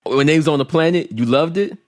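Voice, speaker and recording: A man's voice: on the high side, fairly quick, no echo, clean studio sound. A man in his thirties co-hosting a casual podcast chat, blunt and opinionated, often repeating himself. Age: 30s. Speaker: podcast co-host.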